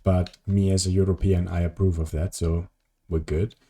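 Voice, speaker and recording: A man's voice: low-pitched, little pitch movement, normal speed, warm tone. A tired man chatting casually on a live stream as he plays, rambling and answering his viewers' messages. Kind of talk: casual live-stream chat while gaming.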